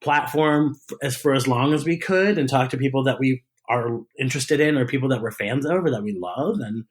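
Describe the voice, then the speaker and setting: A man talks as an interview guest in a relaxed, chatty way. He tells stories with lots of energy, laughs and giggles often, and restarts his sentences as he goes. His voice sits at an ordinary middle pitch. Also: brisk. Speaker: guest, drag performer. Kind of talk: casual interview chat.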